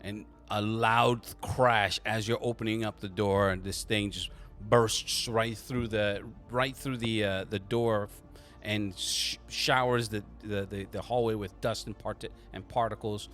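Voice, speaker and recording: A man narrating a tabletop game as game master, halting and restarting, with quick voiced asides. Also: on the low side, fairly even intonation, fairly bright tone, soft background music.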